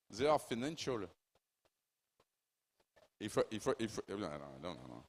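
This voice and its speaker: Slow-speaking man with a French accent. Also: lowish voice, sing-song, darkish tone, slightly rough. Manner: halting, apologetic, self-deprecating. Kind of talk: panel speech.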